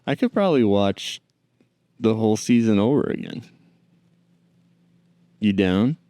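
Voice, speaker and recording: A man's voice: fairly low pitch, animated, measured pace, warm tone, dry recording. A man hosting a podcast, rambling dryly on his own and talking to his pet. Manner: rambling, dry, talks to a pet. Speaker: podcast host. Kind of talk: casual solo chat.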